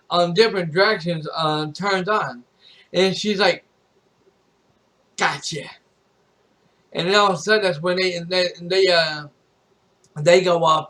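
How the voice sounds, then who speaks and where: A man's voice: sits high, fairly bright tone, poor audio. A man streaming live and retelling a film plot in a casual, rambling way, full of restarts and fillers. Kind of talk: casual movie recap.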